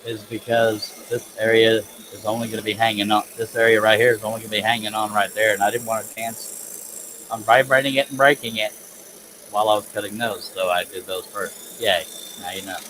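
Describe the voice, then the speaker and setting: Background noise runs under this clip of an artist hosting a live stream, who chats easily while working and pokes fun at himself with frequent chuckles. His voice is on the low side, with fairly even intonation and a slightly quick pace.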